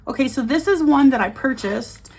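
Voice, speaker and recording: A woman's voice: high-pitched, normal speed, a little mellow, slightly rough. A woman in her forties chatting casually as a budgeting vlogger, counting bills aloud as she talks. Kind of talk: casual chat.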